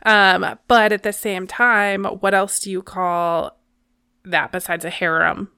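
A woman's voice: medium pitch, steady tone, takes it slowly, sharp tone, smooth, dry recording, clean studio sound. A woman co-hosting a casual podcast chat, easygoing and agreeable. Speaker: podcast co-host.

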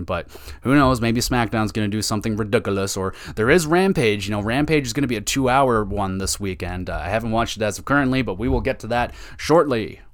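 A man hosting a podcast, recapping a wrestling show in a casual, sarcastic way, swearing often and getting excitable. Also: on the low side. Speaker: podcast host.

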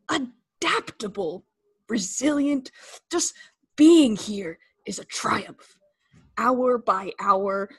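A woman doing an impression of an older male demon mentor giving a slow, emphatic pep talk. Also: a little high, husky, dry recording, full character voice.

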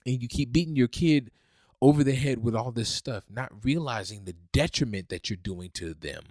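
Male podcast preacher, fervent, loud peaks to soft pleas, dry close sound. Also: mid-range voice, expressive, moderate pace, no echo. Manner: fervent, swings from loud preaching to hushed pleading. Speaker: podcast host.

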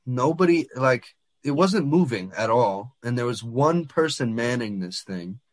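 A man's voice: mid-range voice, expressive, unhurried. A man in casual chat, teasing a friend and complaining in an exaggerated way with frequent laughs.

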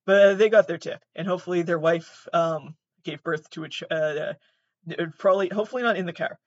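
Here the young woman hosting the podcast speaks briskly in a lowish voice, rambling through a self-mocking story full of profanity and restarted sentences. It's a casual storytelling monologue, recorded close and dry with no room sound, so her tone comes across slightly dull and muffled.

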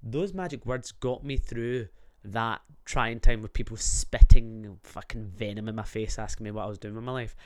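A man's voice: lowish voice, moderate pace. A man delivering a profane, rambling, jokey rant to his stream audience. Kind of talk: comedic rant.

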